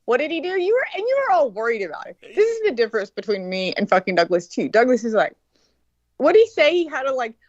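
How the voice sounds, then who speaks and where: A woman with a high voice tells stories in casual chat, blunt and full of swearing. She mocks the people in her stories. The sound is dry and a little muffled. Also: sing-song, fast talker, no echo. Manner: blunt, profane, mocking storyteller. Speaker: co-host.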